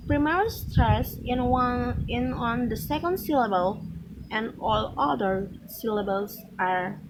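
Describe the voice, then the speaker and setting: Slow-reading woman with background noise. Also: fairly high pitch. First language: Malay. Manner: slow, careful reading with restarts and slips. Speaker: student reading a pronunciation lesson. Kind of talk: reading a textbook aloud.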